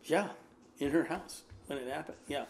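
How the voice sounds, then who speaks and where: A man's voice: fairly high pitch, moderate pace, creaky. A man, an American pastor, telling a rambling personal anecdote in a casual way, with lots of fillers. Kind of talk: casual storytelling.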